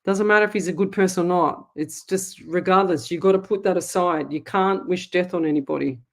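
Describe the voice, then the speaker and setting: A woman's voice: on the low side, a little fast. A middle-aged Australian woman hosting a live psychic call-in show, talking bluntly and scolding callers in a motherly way. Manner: blunt, motherly scolding, calls people lovey. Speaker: psychic medium radio host.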